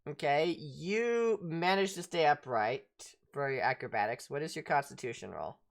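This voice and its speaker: A woman narrating as game master of a tabletop game, animated and prone to restarting sentences. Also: low-pitched, moderate pace, gravelly.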